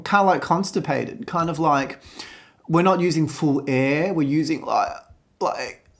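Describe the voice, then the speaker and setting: A woman's voice: low voice, a little slow. A woman vocal coach explaining singing technique in a reaction video, breaking into sung examples. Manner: explains and demonstrates with sung snippets.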